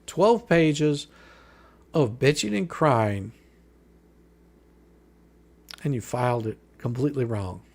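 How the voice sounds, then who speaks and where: Speaking in an expressive, unhurried mid-range voice, a man hosts a live stream. He reads a legal filing point by point, firing back at each with sarcastic, foul-mouthed derision.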